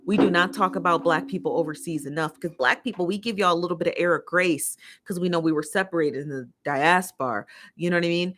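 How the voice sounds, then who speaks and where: Livestream host, American woman with a lowish voice, opinionated and fed up, reads chat comments and rants. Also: fairly bright tone. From United States. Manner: opinionated, exasperated ranting with emphatic repetition. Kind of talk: casual livestream commentary, reading viewer comments.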